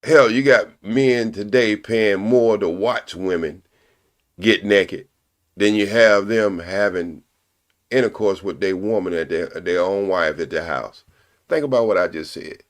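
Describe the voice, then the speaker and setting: Older male stream host, lowish voice, preachy and crude, hammers each point twice. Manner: preachy, repeats points slowly for emphasis; blunt and profane. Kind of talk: casual live-stream commentary.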